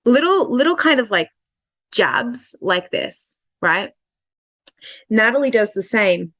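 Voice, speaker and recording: A woman's voice: fairly high pitch, big pitch swings, fairly bright tone, no echo. Woman coach talking in a dry room. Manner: conversational, many fillers and restarts, slows down on key points. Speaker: relationship coach. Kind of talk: casual explanatory commentary.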